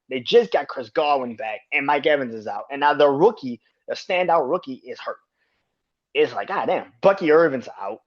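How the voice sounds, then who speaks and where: A man hosting a casual sports podcast, swearing freely and laughing between rapid opinions. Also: mid-range voice. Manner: profane, animated, laughs often. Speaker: podcast host. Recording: dull lo-fi sound.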